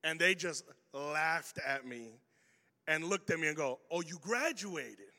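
A man's voice: fairly high pitch, measured pace, bright, forceful tone. A man preaching a sermon as pastor, telling stories animatedly and acting out the voices of the people in them. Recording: hall reverb.

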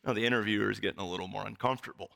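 A man's voice: on the low side, steady tone, racing, vocal fry, sharp tone. A male pastor preaching a sermon in church, telling stories with wry humor.

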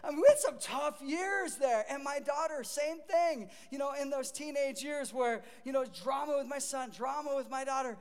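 A man's voice: very high voice, moderate pace, few pauses. A middle-aged male pastor preaching a sermon in a conversational way, acting out the voices he quotes. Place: church sanctuary. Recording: long reverb of a large hall.

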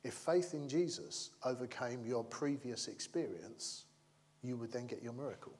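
A man's voice: mid-range voice, normal speed, darkish tone. A man preaching a sermon in a chatty, humorous way, checking in with the congregation and acting out the figures in his stories. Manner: conversational, keeps asking the congregation "yeah?"; acts out the crowd and characters in the stories.

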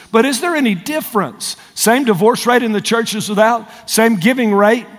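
A male pastor with a drawl preaching to a large congregation, his voice sitting high for a man. He presses his points hard and calls out for responses from the crowd. The sound carries a long reverb from the church hall. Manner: climbs high and loud when fired up. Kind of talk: sermon.

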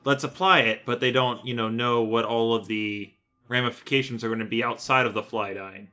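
A man's voice: mid-range voice, steady tone, brisk, sharp tone. A man co-hosting a casual podcast chat, wisecracking and swearing freely. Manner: profane, wisecracking. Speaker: podcast co-host. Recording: lo-fi muffled sound.

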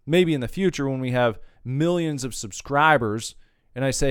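A man's voice: mid-range voice, normal speed, clear, resonant tone, dry recording, clean studio sound. A man hosting his own podcast, talking casually in a rambling, profane rant that wanders off on tangents. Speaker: podcast host.

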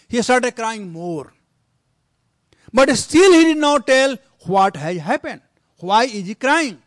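A man's voice: high voice, a bit bright, dry recording, studio quality. A male preacher telling a story in a sermon, earnest and exhorting his listeners.

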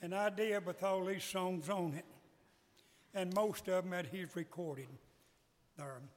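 An older man, singing slow a cappella gospel on a live stage and short of breath. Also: high-pitched. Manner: slow drawn-out singing, dialect speech. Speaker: gospel singer. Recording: long hall reverb, faint music.

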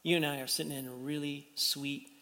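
A man's voice: fairly high pitch, steady tone, moderate pace, bright, forceful tone, big-room sound. A man preaching a sermon in a conversational way, asking the congregation rhetorical questions. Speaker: pastor.

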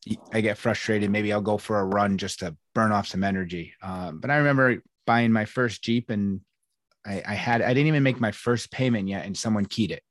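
A man's voice: fairly low pitch, fairly quick. A man hosting a podcast as a coach, talking casually and rambling with frequent restarts. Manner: rambling, with many restarts and "I mean". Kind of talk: casual conversation.

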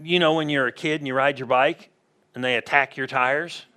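A man's voice: mid-range voice, fairly even intonation, normal speed, bright, forceful tone, clean tone. A man preaching a conversational sermon in a church, often asking the congregation questions. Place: church sanctuary.

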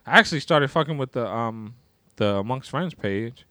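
A man's voice: medium pitch, animated, normal speed, sharp tone, no room sound. A young man co-hosting a podcast in loose, profane casual chat, laughing often. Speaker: podcast co-host.

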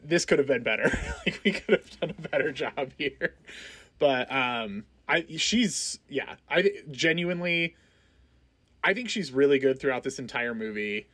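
A man's voice: mid-range voice, expressive, a little slow, pushed and bright. A man co-hosting a film podcast, talking enthusiastically and casually with many filler words. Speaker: podcast co-host.

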